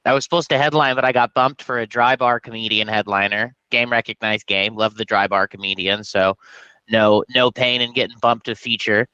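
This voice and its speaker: Bright, jokey male comedian. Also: lowish voice, brisk, clear, resonant tone, no room sound, muffled recording. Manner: jokey, rambling, animated bits. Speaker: comedian guest. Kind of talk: casual podcast chat.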